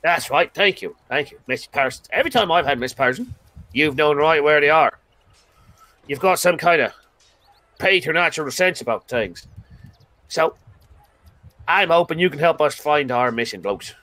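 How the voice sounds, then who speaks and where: Man putting on a loud boisterous rogue. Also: a little high, animated, normal speed, pauses often, dry recording, pitched above the performer's own voice. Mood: wheedling. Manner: brash, chummy, slangy banter. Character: loud boisterous male adventurer, pushy and jovial.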